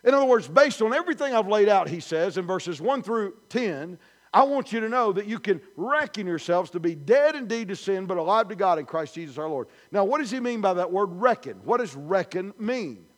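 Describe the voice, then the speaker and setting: A man's voice: high voice, lively intonation, fairly quick. A male pastor preaching a sermon in a church, emphatic and repetitive, building his points through repeated declarations. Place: church sanctuary.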